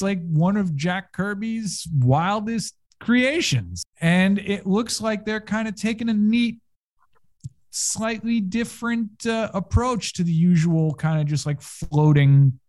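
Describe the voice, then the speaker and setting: A male podcast host who talks at a slow, easy pace. His voice is dark and mellow but sits a touch high. He wraps up the show casually and drops in plenty of fillers. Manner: unhurried, with many fillers and chuckles.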